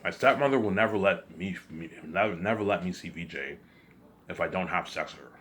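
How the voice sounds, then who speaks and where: A man's voice: deep voice, a little fast, fairly bright tone. A man delivering an agitated, repetitive, accusing rant straight to camera. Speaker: vlogger. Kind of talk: ranting monologue to camera.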